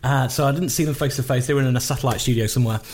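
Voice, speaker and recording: A man's voice: medium pitch, fairly even intonation, rapid-fire, darkish tone. A man from Newcastle, hosting a casual podcast chat and reading listener emails aloud. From Newcastle, England. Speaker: podcast host.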